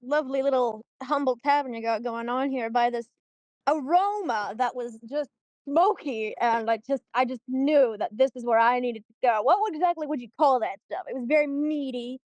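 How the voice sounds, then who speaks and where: A woman's voice: sits high, normal speed, darkish tone, no echo, natural voice. A woman voicing a cocky, show-off male adventurer in a playful, boastful way.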